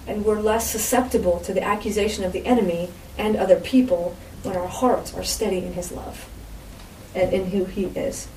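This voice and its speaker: A woman's voice: mid-range voice, fairly even intonation, normal speed, darkish tone. A woman giving an informal sermon as a Bible teacher, with a conversational manner and frequent asides to her listeners. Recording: roomy echo, distant mic, faint background noise.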